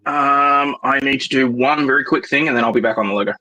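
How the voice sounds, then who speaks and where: A man's voice: mid-range voice, fast talker, sharp tone. A man with an Australian accent chatting easily as a co-host on a livestream, with dry understatement. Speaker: co-host guest. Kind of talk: casual livestream chat.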